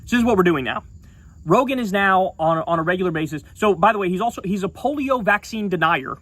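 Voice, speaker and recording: A man's voice: sits high, expressive, fast, fairly bright tone. A man giving heated, sarcastic and profane political commentary in a video.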